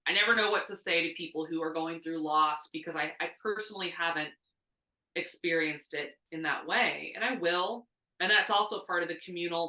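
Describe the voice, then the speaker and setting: Earnest low-voiced woman, off-mic echo. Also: sharp tone, recorded from a distance. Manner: reflective, earnest storyteller. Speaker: podcast co-host. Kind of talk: casual spiritual podcast chat. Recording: echoey room, off-mic.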